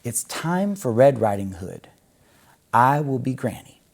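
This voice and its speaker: A sly, hungry storybook wolf, put on by a male reader, smooth and mock-friendly with a growly chuckle. The voice is gravelly and unhurried, and it turns croaky when the wolf plays granny. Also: mid-range voice, very animated, darkish tone, exaggerated voice. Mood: grumpy. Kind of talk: storybook read-aloud.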